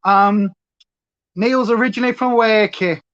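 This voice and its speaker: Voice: mid-range voice, measured pace, a bit bright. A makeup livestream host with a Northern English accent, chatting casually and going off on rambling tangents while doing makeup. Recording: slightly dull lo-fi sound.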